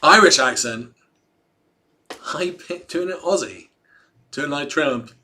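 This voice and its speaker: A man with a bright, forceful, somewhat high voice hosts a casual livestream. He reads a written statement aloud, then breaks off to joke with viewers and laughs often, in an easy, chatty way. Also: lively intonation, takes it slowly. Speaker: livestream host.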